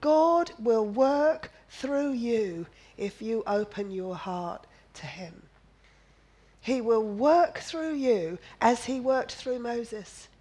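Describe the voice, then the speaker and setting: A woman preaches a sermon in a voice on the high side, a little mellow, heard through poor audio. She is emphatic and repetitive, firing off rhetorical questions and slipping in playful asides and jokes.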